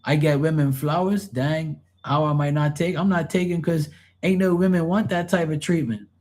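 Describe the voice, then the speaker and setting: Man, live-stream tarot reader, casual chat, profane, blunt, mocking quotes, slightly high voice. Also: steady tone, normal speed, darkish tone.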